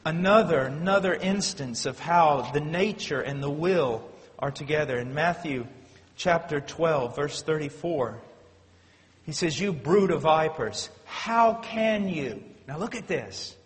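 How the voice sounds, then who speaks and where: High-voiced preacher man in a big hall. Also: lively intonation, measured pace. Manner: swings from loud urgent preaching to quiet low storytelling. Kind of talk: sermon.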